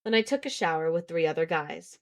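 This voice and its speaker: A woman's voice: low voice, animated, fairly quick. Giggly woman streamer reading aloud. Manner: giggly, stops to react and reread lines. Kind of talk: casual live-stream reading.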